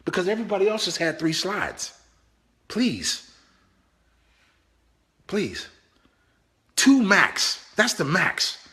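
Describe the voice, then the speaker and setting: High bright guy, business trainer, keeps begging and repeating himself. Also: slow pace, long pauses. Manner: animated, pleading, repetitive. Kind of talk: motivational business talk.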